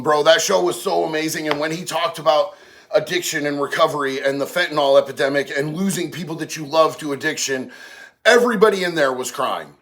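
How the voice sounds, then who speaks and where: His voice is fairly high and a bit bright, and he talks a little fast while hosting a casual livestream. He reads from the chat and replies in streetwise slang, using "bro" constantly.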